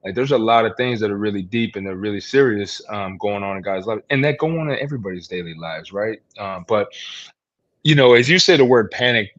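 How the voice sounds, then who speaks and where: Low-voiced man with a dull lo-fi sound. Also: expressive, fairly quick, a bit bright. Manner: storytelling, peppered with "man" and "you know". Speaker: guest, former player working with team alumni. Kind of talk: casual podcast conversation.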